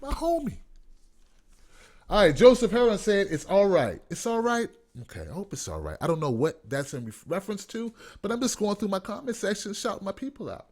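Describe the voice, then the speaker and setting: Guy hosting a live online rant show, cussing and sarcastic, highish voice that swings all over. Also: quick pace, hardly any pauses. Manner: profane, sarcastic, animated ranting. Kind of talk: livestream commentary rant.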